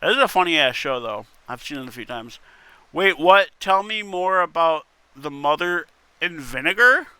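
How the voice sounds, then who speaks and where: A man's voice: a little high, animated, normal speed, pushed and bright, smooth, no echo. A man reading internet posts aloud in casual commentary, wry and muttering, with casual swearing. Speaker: content creator reading posts.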